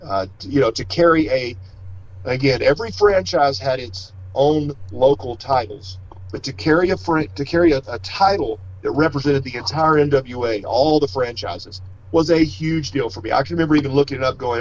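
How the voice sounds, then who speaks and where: Speaking briskly in a mid-range voice, a middle-aged wrestler guest rambles through stories during a casual interview. He keeps correcting himself and restarting sentences, and the audio is slightly dull and lo-fi.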